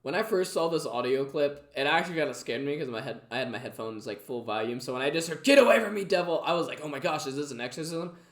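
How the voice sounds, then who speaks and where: A man's voice: medium pitch, fast, few pauses, fairly bright tone. Chatty man with a roomy echo. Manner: chatty, full of "like" fillers and laughs. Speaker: reaction video host. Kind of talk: casual reaction commentary.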